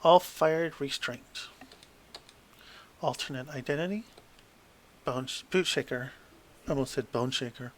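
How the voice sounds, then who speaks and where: A man's voice: mid-range voice, measured pace, long pauses. A man flipping through a tabletop game book, reading passages aloud with wry asides and stumbling over hard words.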